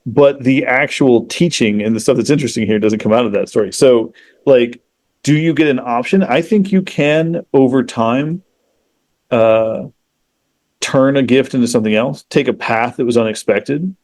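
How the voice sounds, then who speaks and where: A man with an ordinary mid-range voice talks in relaxed podcast conversation. He retells a story with lively energy and casual swearing, leaning on fillers like "you know" and "like." He slips into the voices of the people in the story as he goes. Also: medium pitch, moderate pace, no echo. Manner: animated, profane, acts out quoted characters. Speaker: podcast guest.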